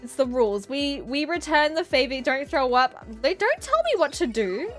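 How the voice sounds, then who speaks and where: A woman's voice: high voice, big pitch swings, moderate pace, hardly any pauses, soft background music. A young woman streaming as an artist, chatting casually and giggling while she draws, with playful, melodramatic outbursts.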